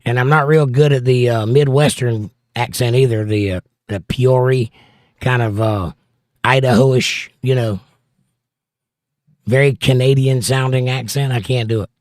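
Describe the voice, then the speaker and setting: This livestream host, a middle-aged man with a Southern accent, jokes while reading viewer comments aloud in a casual chat. His medium-pitched voice is a little slow and mellow with fairly even intonation, and the clean studio recording has no room sound.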